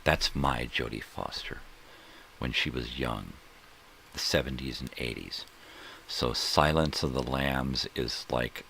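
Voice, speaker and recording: A man's voice: very deep voice, creaky, sharp tone, slight background noise. A middle-aged man hosting a casual solo morning stream. He rambles, jokes and swears, and often trails off while he searches for names. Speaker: host. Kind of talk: casual solo livestream chat.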